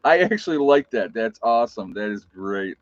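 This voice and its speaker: A man's voice: fairly low pitch, big pitch swings, moderate pace, dry recording. A middle-aged man with an Appalachian American accent, hosting a casual live stream, rambling, losing his train of thought and reading chat aloud. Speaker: livestream host. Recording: dull, slightly lo-fi dry sound.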